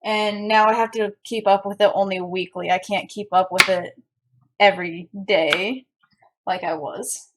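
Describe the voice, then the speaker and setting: A woman's voice: medium pitch, steady tone, unhurried, noisy background. A young woman streaming herself as she cooks, chatting casually with her chat and rambling with frequent restarts. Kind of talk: casual chat while cooking and reading chat. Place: home kitchen.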